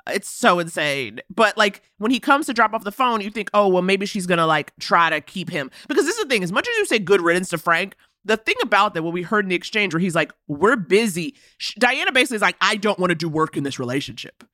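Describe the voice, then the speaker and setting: A woman co-hosting a podcast, recapping a movie in a sarcastic, animated way and laughing often. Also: medium pitch, quick pace, few pauses, no echo, clean studio sound. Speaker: podcast co-host.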